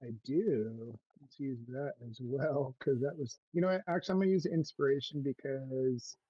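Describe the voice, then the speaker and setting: A man's voice: medium pitch, normal speed, warm tone, husky, no echo, highs cut off. A man playing a tabletop game, asking about rules hesitantly with filler words. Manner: hesitant, with "um" and restarts. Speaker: player.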